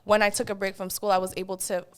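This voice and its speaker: A woman's voice: mid-range voice, little pitch movement, very fast, smooth. A young woman telling stories in a casual podcast chat, switching between English and French with lots of laughter. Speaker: podcast guest.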